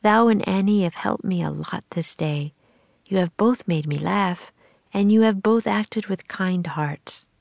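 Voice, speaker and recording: A gentle, kindly Pilgrim woman from a children's storybook, speaking softly with an archaic "thou", as a woman reader plays her. The voice has a gravelly edge and sits close and dry. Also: medium pitch, unhurried, no room sound. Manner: soft, archaic speech with thou. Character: gentle old-fashioned Pilgrim woman, kind.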